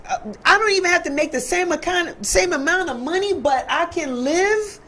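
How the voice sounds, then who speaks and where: A woman tells her stories on a talk show, animated and full of street slang. Her voice sits high. A faint hiss runs behind her. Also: normal speed. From New York. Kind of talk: casual talk show conversation.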